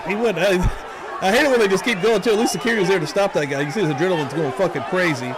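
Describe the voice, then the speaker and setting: Profane, animated male host. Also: high voice, fast, over a noisy crowd, very noisy. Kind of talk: casual reaction commentary on a video.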